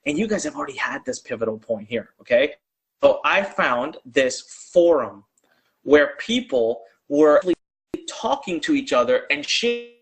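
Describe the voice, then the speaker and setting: High-voiced man pitching a live stream. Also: big pitch swings, measured pace. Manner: urgent and conversational, drives audience to type replies in chat; casual with fillers and slang. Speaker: online business coach.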